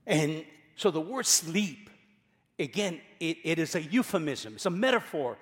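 A man with a high voice preaches a sermon in a church hall with long reverb. He is emphatic, repeats key phrases and drops from loud passages to quiet ones. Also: expressive, a little slow. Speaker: pastor.

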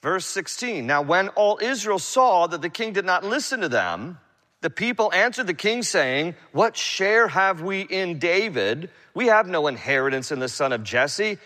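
A man preaching in a church sanctuary, reading scripture and then unpacking it in casual modern slang. His voice sits a little high and rings bright and forceful. A long reverb from the hall trails every phrase. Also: big pitch swings, unhurried. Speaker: pastor. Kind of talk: expository sermon.

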